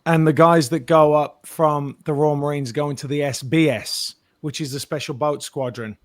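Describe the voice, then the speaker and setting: A man, an actor guest, telling lively anecdotes in an interview and acting out the quotes. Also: on the high side, normal speed, no echo, studio quality. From Britain. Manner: animated storyteller, acts out quotes.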